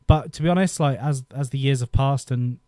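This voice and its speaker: A man in his thirties hosts a casual live stream, rambling through old memories with frequent laughter. His voice is mellow and dark-toned, and the recording sounds dry and close. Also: mid-range voice, fairly quick, dry recording. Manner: rambling, nostalgic, laughs often. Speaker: YouTube host. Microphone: desk microphone.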